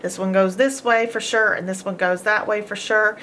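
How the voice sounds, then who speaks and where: A woman's voice: mid-range voice, steady tone, normal speed, a bit bright, slight background noise. A woman teaching a phonics lesson, patiently sounding out letters and words and praising the learner. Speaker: homeschool teacher.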